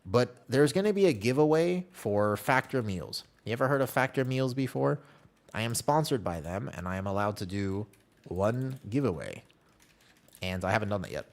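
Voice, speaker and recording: A man's voice: on the low side, very animated, moderate pace, gravelly. A man chatting casually on a live game stream, telling rambling self-deprecating stories and answering chat messages aloud.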